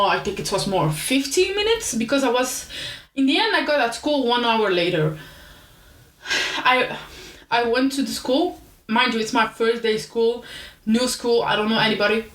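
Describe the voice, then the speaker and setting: A young woman hosts her own podcast and tells a story in a casual, animated way, poking fun at herself as she goes. Her voice sits a little high. The room has a noticeable echo. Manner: chatty, animated, self-deprecating. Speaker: podcast host.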